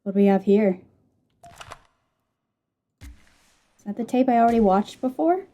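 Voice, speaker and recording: A woman giving casual let's-play commentary, excitable, talking to the game characters and reacting out loud. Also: fairly high pitch, measured pace, muffled recording. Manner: excitable, talks to the game, squeals and laughs. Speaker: gamer playing on a video channel.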